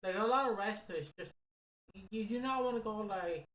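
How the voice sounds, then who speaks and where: A man co-hosts a wrestling podcast, talking in a halting, profane way with many restarts. His voice sits somewhat high for a man. The recording sounds roomy and echoey. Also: a bit bright. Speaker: podcast co-host. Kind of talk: casual wrestling review chat. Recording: echoey room.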